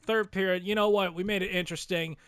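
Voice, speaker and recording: A man giving casual, excitable gameplay commentary, slurring his words after dental surgery and swearing casually as he hypes his team. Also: high-pitched, quick pace, smooth, dry recording. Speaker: gaming video creator.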